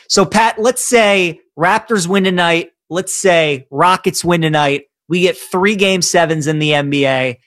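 A man co-hosts a live sports talk show and gives his game picks. His voice is a touch high and sits close and dry on the mic. He talks in a chatty, animated way. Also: no echo. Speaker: sports betting show co-host.

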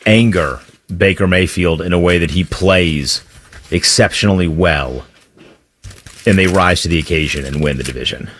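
A man's voice: sits low, a bit bright. A man co-hosting sports talk radio in casual, joking banter.

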